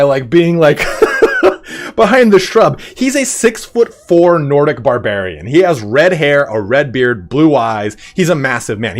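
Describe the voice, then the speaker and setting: A young man, a gaming streamer, telling a story in casual chat, animated and swearing often. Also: medium pitch.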